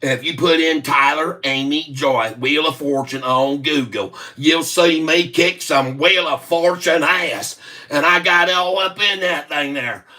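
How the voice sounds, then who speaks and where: A man's voice: a little high, measured pace, sharp tone. Boisterous Southern man in his 60s. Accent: Southern American. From Southern United States. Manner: boisterous, rhyming, laughing often. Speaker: livestream host. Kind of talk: rambling livestream banter. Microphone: webcam mic.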